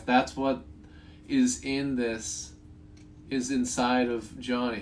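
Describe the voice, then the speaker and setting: Young guy rambling thru a movie review, swears a lot, chuckles, normal mid pitch voice. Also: slight background noise. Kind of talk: casual spoken movie review.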